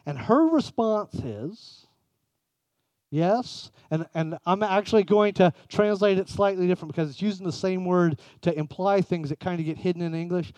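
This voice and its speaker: High-voiced emphatic male preacher. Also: moderate pace, dry recording. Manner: emphatic, swings between raised and hushed delivery. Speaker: pastor. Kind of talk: sermon.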